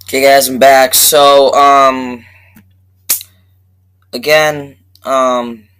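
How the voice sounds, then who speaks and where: A man giving a rambling, profane movie review rant that keeps flaring up into loud outbursts. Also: medium pitch, level tone, very slow, clean tone, low-quality recording.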